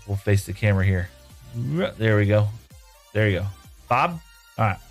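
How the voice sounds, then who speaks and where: A man's voice: fairly low pitch, lively intonation, normal speed, vocal fry, soft background music. A man streaming a video game live from home, chatting casually and rambling as he reads viewer messages aloud and answers them. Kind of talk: casual live-stream chat while playing. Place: home room.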